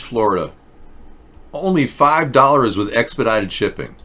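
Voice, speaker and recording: A man with a mid-range, sing-song, sharp-toned voice hosts a casual comedy talk show at normal speed. He is sarcastic and mocking, trading joking rants for mumbled reading aloud.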